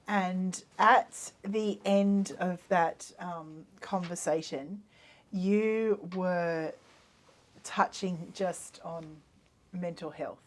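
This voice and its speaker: A woman's voice: lowish voice, very slow. An Australian woman hosting a casual faith podcast, chatty and hesitant with many fillers and easy laughs. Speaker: podcast host.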